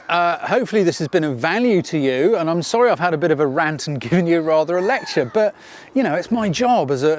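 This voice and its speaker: A man coaching beginner photographers outdoors in a casual, energetic rant with emphatic repetition and the odd sarcastic aside. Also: a little high.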